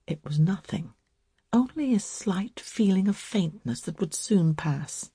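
A woman reading a story aloud as narrator, slow, calm and measured. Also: medium pitch, slightly rough, no room sound, studio quality.

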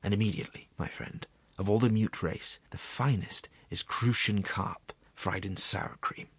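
A man's voice: lowish voice, lively intonation, moderate pace, fairly bright tone, husky, no room sound, heavily acted. A man voicing a gluttonous male clerk who describes food in a rapturous half whisper. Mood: dreamy.

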